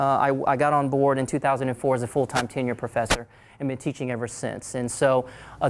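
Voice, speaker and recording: A middle-aged man with an Oklahoma accent tells his own story to an audience at a middling pitch. His delivery is animated, and he repeats key phrases for emphasis. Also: background noise. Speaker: speaker telling his story.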